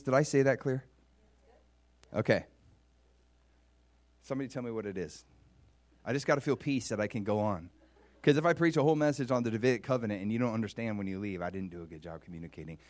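A pastor with a fairly low male voice delivers an animated sermon, with no room sound on the recording. He dramatizes biblical speech with mounting feeling and puts questions to the audience, pausing for their answers.

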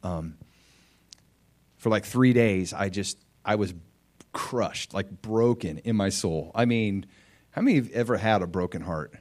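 Emotional preacher man, quiet to shouting. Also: fairly low pitch, a little slow, long pauses. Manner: emotional storytelling with big swings from quiet to shouting; conversational, with fillers and questions to the audience. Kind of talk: sermon with personal testimony.

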